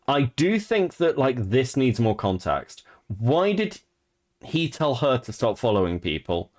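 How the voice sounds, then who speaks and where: A man's voice: mid-range voice, big pitch swings, unhurried, a little mellow. A man in his thirties co-hosting a stream, chatting casually and bluntly about online drama, swearing freely and laughing often. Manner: reads messages aloud in a mocking tone. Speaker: streamer and co-host.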